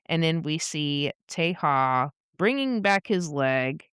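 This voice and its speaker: A woman co-host talks unhurriedly through a comic recap in relaxed, casual chat, laughing and swearing freely. Her voice is smooth and clear with a close, dry sound. She keeps an animated storytelling manner. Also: low voice, slow pace, hardly any pauses, no echo. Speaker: podcast co-host.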